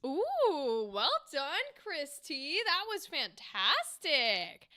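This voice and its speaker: A woman's voice: high-pitched, huge pitch swings, very slow, sharp tone, dry recording, studio quality. A woman hosting a livestream, reviewing voice acting auditions with enthusiastic, gushing praise. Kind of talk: casual livestream commentary.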